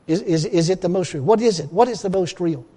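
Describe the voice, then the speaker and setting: A man's voice: high voice, a little fast, mellow, big-room sound. A man preaching a sermon in an emphatic, folksy way, often restarting his phrases.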